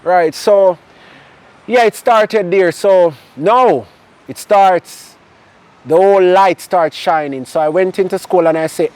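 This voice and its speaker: A man with a Jamaican accent sharing his personal testimony in a conversation, telling it in a lively way with bits of patois. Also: sits high, unhurried, no echo. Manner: animated storyteller mixing in patois. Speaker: interview guest.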